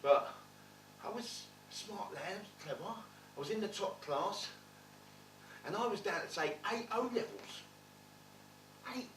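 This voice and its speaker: Bloke playing a cheeky geezer spinning his life story, bit high voice, roomy theatre, mic far off. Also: animated, measured pace, pauses often, a bit bright, a little hiss or hum. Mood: wry. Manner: wry, blunt, swearing storyteller. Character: streetwise London man recalling his rough childhood. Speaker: stage actor in a one-man play. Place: theatre stage.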